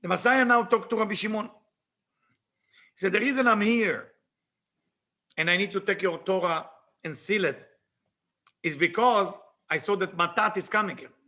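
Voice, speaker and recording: A man teaching Kabbalah, retelling a story with lively swings between shouting and near-whispers, reading passages aloud in fast Hebrew and then translating them. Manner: animated, bursts into shouting at dramatic moments, then drops low.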